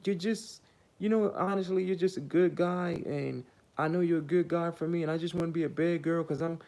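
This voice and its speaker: A man voicing a brash young woman who is crude, loud and demanding. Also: on the high side, steady tone, a little fast, pitched above the performer's own voice, lightly acted. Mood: coaxing. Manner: loud, profane, indignant.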